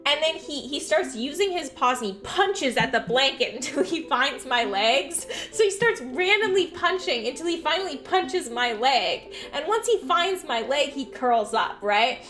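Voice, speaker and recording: A young adult woman streamer telling stories in a casual, animated chat, swearing freely. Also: sits high, normal speed, hardly any pauses.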